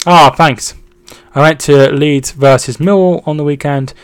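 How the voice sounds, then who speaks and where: Young guy on a football stream, kinda high voice, reads chat n thanks subs, restarts a lot. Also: measured pace, clean tone, no room sound. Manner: excited shouting at goals. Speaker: football live stream host. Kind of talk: casual live-stream chat and match updates.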